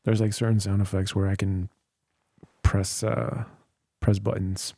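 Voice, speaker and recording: With a low, warm voice and no echo, the man speaks unhurriedly and flatly. He hosts a livestream while tired, wandering through casual chat and thinking aloud into a studio dynamic mic held close.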